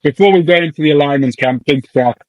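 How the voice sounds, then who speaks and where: A man co-hosting a podcast, in casual chat, ranting in an animated, jokey way and swearing now and then. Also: fairly high pitch, quick pace, dry recording, dull audio. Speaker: podcast co-host.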